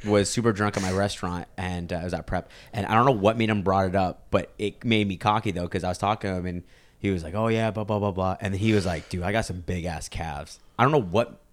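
Young dude kinda low voice, swears a lot, tells stories doing everyone's voices. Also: male voice, steady tone, quick pace. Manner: swearing storyteller, acts out voices. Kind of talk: casual chat.

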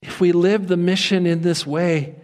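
High-voiced pastor preaching in a hall. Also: male voice, moderate pace. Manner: animated, acts out quoted voices, conversational humor. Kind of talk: sermon. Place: church sanctuary. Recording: reverberant church hall.

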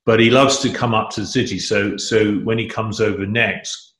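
A man's voice: fairly low pitch, steady tone, normal speed, fairly bright tone, echoey room. A middle-aged man chatting as an interview guest, rambling and enthusiastic, often restarting his sentences. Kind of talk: casual interview chat.

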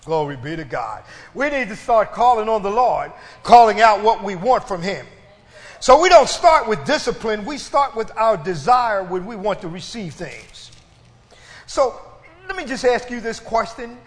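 A man's voice: sits high, animated, moderate pace. A man preaching a sermon, stretching out his phrases for emphasis and calling on the congregation to respond. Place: church. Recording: reverberant church hall.

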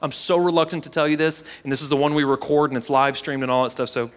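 Earnest pastor in a reverberant hall. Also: male voice, a little high, steady tone, fast, clean tone. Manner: casual, earnest, repeats words, drops to a hush in prayer. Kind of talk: sermon with personal story and prayer. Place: church sanctuary, live service.

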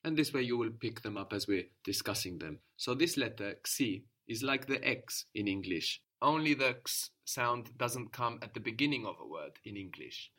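A man teaching a spoken language lesson, patient and encouraging, explaining slowly and repeating words. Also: mid-range voice, animated, sharp tone.

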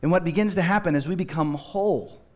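A man's voice: on the high side, fast, darkish tone. A man preaching a sermon as pastor, telling stories with humor and acting out children's voices.

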